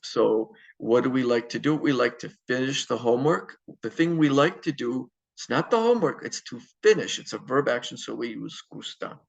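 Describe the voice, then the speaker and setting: A man's voice: medium pitch, expressive, moderate pace, vocal fry, hardly any pauses, dull audio. A man teaching a Spanish grammar lesson, explaining step by step with fillers and self-corrections. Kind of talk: recorded classroom lecture.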